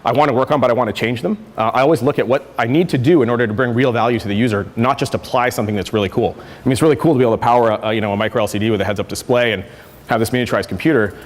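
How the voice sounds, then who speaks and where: Fast-talking man in a reverberant hall. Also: medium pitch. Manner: conversational, self-correcting with fillers. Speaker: conference speaker. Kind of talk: conference talk. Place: lecture hall.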